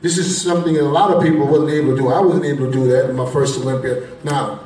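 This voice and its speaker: Direct male interviewer, slightly high voice. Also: steady tone, fast talker, dark tone. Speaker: press conference interviewer. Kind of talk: interview questions. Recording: echoey hall from far off.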